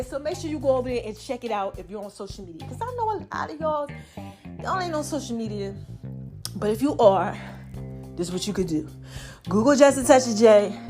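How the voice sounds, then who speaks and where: A woman hosting a casual faith podcast, talking to her listeners in an animated, preachy way and a little out of breath. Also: sits high. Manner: animated, preachy, calls listeners y'all and child. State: a bit out of breath. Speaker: podcast host.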